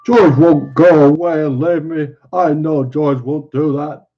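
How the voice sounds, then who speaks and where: A man voicing a big, childlike and anxious simple-minded man, slow and plaintive, on a dull lo-fi recording. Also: mid-range voice, expressive, husky. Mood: frightened.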